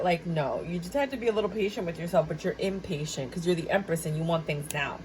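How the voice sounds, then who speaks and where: A woman's voice: lowish voice, quick pace, few pauses, slight background noise, poor audio. A woman giving a casual tarot reading straight to her viewers, chatty and full of fillers, easily cracking herself up. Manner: chatty, filler-heavy, addresses viewers directly; prone to giggling fits. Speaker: tarot reader.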